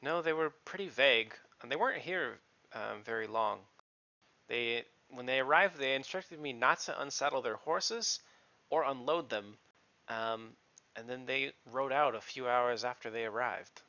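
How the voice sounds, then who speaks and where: A man voicing a hesitant young woman who keeps the stables, speaking in a halting, stammering, apologetic way. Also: medium pitch, sharp tone, dull audio.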